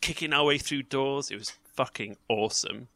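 Male host, bright forceful tone, dry close mic, excitable swearing storyteller. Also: mid-range voice, moderate pace, no echo. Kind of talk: casual chat.

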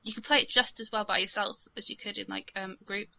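A woman's voice: mid-range voice, steady tone, fast talker, creaky, bright, forceful tone, no room sound. A young woman co-hosting a casual gaming podcast, chatty and full of fillers, laughing often. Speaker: podcast co-host.

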